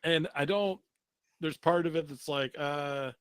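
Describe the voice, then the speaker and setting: A man hosting a comedy podcast, telling stories in an animated, self-mocking way and laughing often. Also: a little high, measured pace, clear, resonant tone, no room sound. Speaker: podcast host. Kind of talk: casual comedic chat.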